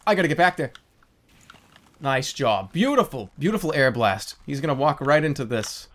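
Excitable man yelping over a game. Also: a little high, normal speed. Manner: excitable, yelps and swears, self-mocking. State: desperate to pee. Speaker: gaming YouTuber. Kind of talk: gameplay commentary.

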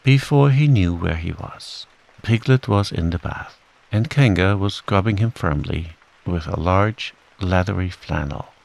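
Slow, gravelly male bedtime-story reader. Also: sits low, rough recording. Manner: gentle, relaxing. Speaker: audiobook narrator. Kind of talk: calm bedtime story reading. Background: rain.

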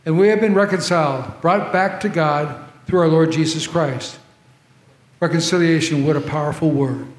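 A man's voice: on the high side, moderate pace. A male pastor preaching a sermon in a church, conversational, with asides to the congregation. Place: large church sanctuary. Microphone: troublesome handheld or body mic. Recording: echoey church hall with long reverb.

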